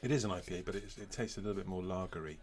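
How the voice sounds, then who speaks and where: Brief: middle-aged podcast host, low-pitched, easygoing and chatty. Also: male voice, rapid-fire. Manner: relaxed, chatty, with frequent fillers. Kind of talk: casual podcast chat.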